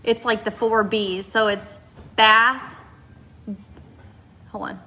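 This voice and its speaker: Chatty, bright-voiced young mom. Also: female voice, a little high, fairly even intonation, slow, a little hiss or hum. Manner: chatty, rambling, many restarts and fillers. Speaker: mom vlogger. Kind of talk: casual vlog chat.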